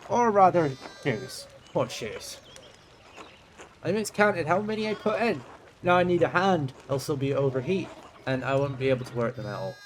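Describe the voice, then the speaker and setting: A man voicing a busy, friendly village blacksmith who gives brisk instructions in a video game. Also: fairly high pitch, lively intonation, a little hiss or hum, natural voice.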